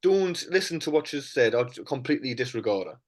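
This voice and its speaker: A man's voice: mid-range voice, big pitch swings, quick pace. A man with a Geordie accent co-hosting a podcast, chatting casually, passionate and swearing freely. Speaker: podcast co-host. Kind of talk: casual chat.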